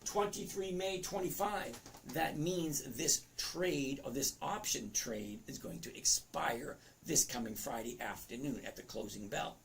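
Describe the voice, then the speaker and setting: This fifty-something trading educator runs a chatty live lesson, voicing viewer comments aloud and interrupting himself, with a cracking voice. He speaks at medium pitch, a little slowly and gravelly, with few pauses, over slight background noise.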